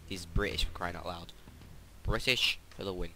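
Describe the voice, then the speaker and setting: Low-voiced joking male gamer, bright tone. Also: steady tone, fairly quick, slight background noise. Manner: joking, rambling, self-mocking chatter. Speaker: let's play gamer. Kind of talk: casual gameplay commentary.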